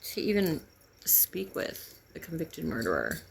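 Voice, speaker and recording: A middle-aged woman telling a painful personal story in halting, grieving, raw speech. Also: sits low, wildly swooping pitch, gravelly, a little hiss or hum. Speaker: vlogger sharing a personal story. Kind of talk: candid personal testimony.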